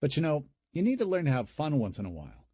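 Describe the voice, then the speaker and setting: A man doing a high wisecracking younger brother. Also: huge pitch swings, fast, mellow, husky, dry recording, lo-fi sound, exaggerated voice. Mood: teasing. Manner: wisecracking, needling.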